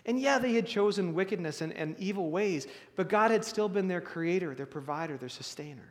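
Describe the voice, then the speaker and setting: A man's voice: sits high, lively intonation, a little fast. A man preaching a sermon in a conversational way, with restarts and sudden rises in emphasis. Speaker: pastor. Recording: long reverb of a hall.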